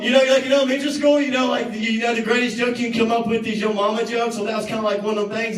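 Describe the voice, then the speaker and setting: A young male youth pastor with a high voice gives a storytelling sermon fast and animatedly in a youth service room. He jokes, acts out quotes, and banters with the crowd. The room is echoey and the mic sits at a distance.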